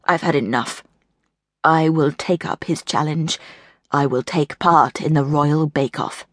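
A woman voicing a sulky grown man king who moans slowly and gloomily. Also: sits low, no echo, studio quality, voice pushed down. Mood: moaning. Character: moaning, self-pitying grown man king.

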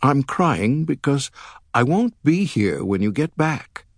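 A man's voice: medium pitch, sing-song, slow, no room sound, clean studio sound, voice pushed up, heavily acted. A man reading an audiobook, voicing a tearful, earnest young woman who works as a political chief of staff, with his voice raised.

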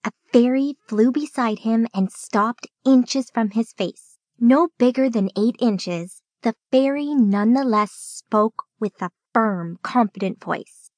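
A woman reads a children's storybook aloud in a clear, steady way. Her voice sits a little high and sounds dry and close to the mic. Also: slow, hardly any pauses, dry recording. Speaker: audiobook narrator.

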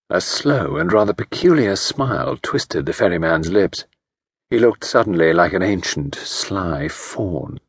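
Expressive low-voiced male narrator. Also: husky, dry recording, studio quality. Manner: measured, expressive reading. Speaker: audiobook narrator. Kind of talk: scripted narration of a classic mystery. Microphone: close studio mic.

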